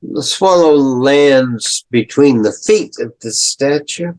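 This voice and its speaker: An older male professor retelling a story in a lecture, deliberate, clearing his throat and adding asides. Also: mid-range voice, a little mellow.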